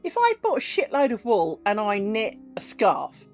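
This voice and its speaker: A middle-aged woman, chatting casually with viewers during a crafts stream, animated and profane, acting out little conversations. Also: fairly high pitch, normal speed, faint music behind. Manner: chatty and animated, swears freely, acts out little dialogues. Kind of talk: casual chat with live viewers while crafting.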